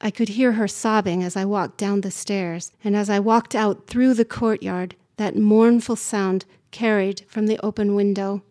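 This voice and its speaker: A woman narrating a literary story in the first person, calm and measured. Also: mid-range voice.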